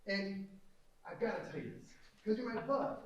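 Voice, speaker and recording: A young actor on stage playing a slick, fast-talking male Hollywood producer with a glib, salesy manner, heard from far off in an echoey theater. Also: sits high, lively intonation, dull audio, a little hiss or hum. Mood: breezy. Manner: glib, salesy, wheedling and brash. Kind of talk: stage play. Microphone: far room mic.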